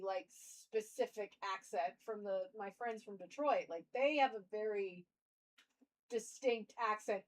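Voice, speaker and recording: A woman's voice: a little high, a little mellow, rough recording. A young woman streamer musing aloud in casual live-stream chat.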